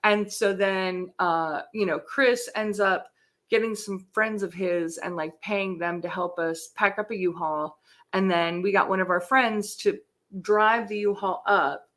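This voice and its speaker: A middle-aged woman, her voice medium-pitched, unhurried and slightly bright, tells her story as a guest in a casual interview chat. She's candid and relaxed, swears freely and says "like" constantly.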